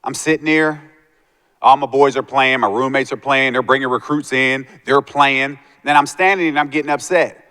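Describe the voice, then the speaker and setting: A man's voice: mid-range voice, steady tone, moderate pace, sharp tone, smooth. A man giving a motivational talk to students, telling his life story and acting out the voices of the people in it. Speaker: motivational speaker. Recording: long hall reverb.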